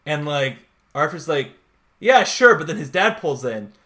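A man's voice: a little high, expressive, moderate pace, sharp tone. A man, co-hosting a podcast and rambling animatedly, full of "like", acting out the scenes he retells. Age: 20s. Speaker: podcast co-host. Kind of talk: casual chat.

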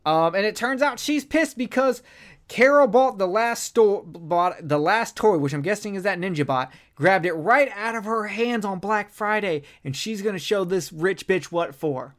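A podcast co-host in a casual film review chat, talking in an animated, profane and rambling way. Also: mid-range voice, moderate pace.

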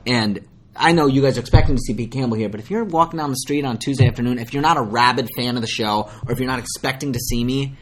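A young man from Minnesota, an actor guest in a casual interview, talking in an animated, self-deprecating way with many restarts. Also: mid-range voice, fast talker.

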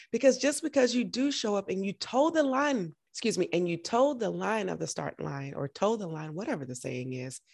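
Husky-voiced woman podcast host, earnest. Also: medium pitch, darkish tone. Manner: earnest, emotional, encouraging. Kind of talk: casual interview chat.

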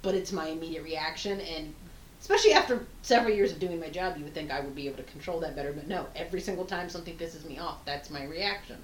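A woman co-hosting a podcast in casual chat, animated and emphatic, swearing casually. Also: low-pitched, quick pace. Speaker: podcast co-host. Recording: roomy sound with faint background hum.

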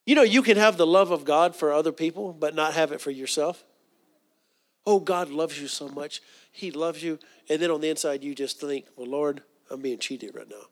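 A man preaching a sermon in a folksy, earnest way, with asides and restarts, dropping to a soft hush for quoted prayers. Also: on the high side, moderate pace.

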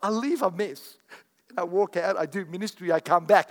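A man preaching a sermon as pastor, animated and repetitive, telling stories to his church. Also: high-pitched, normal speed, long reverb tail. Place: church sanctuary.

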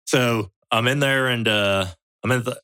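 A man's voice: mid-range voice, measured pace, pushed and bright, clean tone, no echo. Blunt, profane man telling a story. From United States. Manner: blunt and profane, quotes others as he tells it. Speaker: podcast guest. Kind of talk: casual storytelling.

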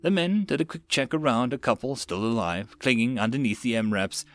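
A man reading a web novel audiobook in a plain, steady narrating manner with occasional slips. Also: mid-range voice, fairly quick, dry recording.

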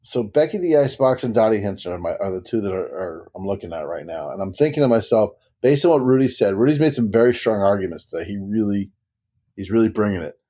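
A man's voice: fairly low pitch, animated, fast, warm tone. A man in a casual podcast chat, thinking aloud hesitantly as he makes a pick.

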